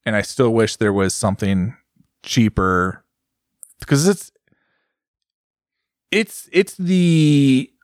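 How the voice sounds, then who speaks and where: A man's voice: medium pitch, sing-song, takes it slowly, pauses often, no echo, clean studio sound. A man co-hosting a casual motorcycle chat, rambling with many fillers and restarts. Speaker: podcast co-host.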